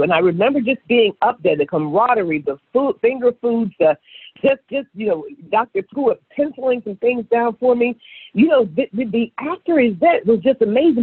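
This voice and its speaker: A woman speaking as a sales director on a motivational conference call, excitable and gushing, often repeating herself. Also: fairly high pitch, breathy edge, no echo. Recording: tinny phone line.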